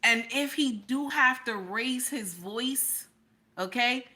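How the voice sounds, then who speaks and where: Middle-aged female streamer, emphatic and repetitive, bright voice. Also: a little high, slow. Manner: emphatic, repeats lines, talks to chat. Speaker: livestream reaction host. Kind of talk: casual livestream commentary.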